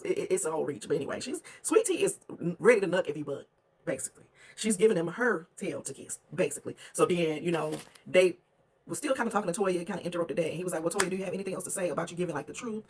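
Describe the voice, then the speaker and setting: A host chatting through a reality TV reunion recap, gossipy and animated, quoting cast members in quick asides. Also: mid-range voice, breathy edge.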